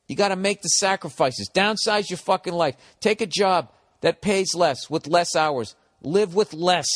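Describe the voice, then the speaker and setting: His voice sits high and a bit bright, echoing in a large hall. A Boston-accented comedian in his forties, he hosts a podcast and rambles through comic advice that starts profane, blunt, and mock-harsh before becoming encouraging.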